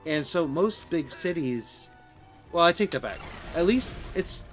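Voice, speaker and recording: While playing a game on a live stream, a Southern Illinois man with a Midwestern accent chats loosely with his viewers, rambling, responding to chat, and frequently starting his sentences over. He has a fairly high, slightly bright voice with lively intonation at a measured pace, and soft music plays in the background.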